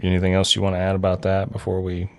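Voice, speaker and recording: Low-voiced man hosting a casual podcast. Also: completely flat delivery. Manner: halting, restarts, jokey asides. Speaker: podcast host. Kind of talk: casual interview chat.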